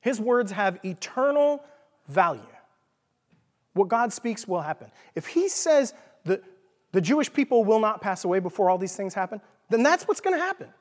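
Recorded with a large hall's long reverb, a Texan-accented man preaches a casual, jokey teaching sermon, frequently checking in with listeners by asking "okay?" His voice sits high, expressive and a little mellow, at normal speed.

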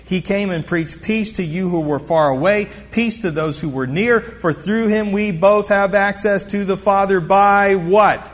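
A man preaching a sermon with a slightly high voice, pressing his points home by repeating phrases and putting questions to his listeners. The recording is dull and lo-fi, and his voice carries a long reverb from a large hall. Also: measured pace, few pauses. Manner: emphatic, repeats key phrases, asks the congregation questions. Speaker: pastor.

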